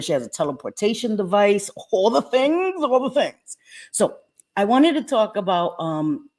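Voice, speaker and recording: A woman's voice: on the low side, darkish tone. A woman in her fifties hosting a casual livestream, chatting and greeting viewers by name with frequent laughter. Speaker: livestream host.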